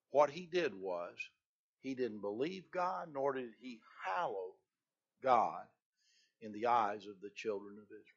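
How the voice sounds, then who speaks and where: A male preacher giving a sermon, rising loud on key phrases and dropping low between them. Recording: dull lo-fi recording.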